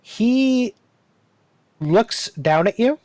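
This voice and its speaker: A game master narrating a tabletop game at an unhurried pace, pausing and restarting often. The sound is dry and close. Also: medium pitch, animated, darkish tone, no room sound, rough recording. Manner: slow, hesitant narration.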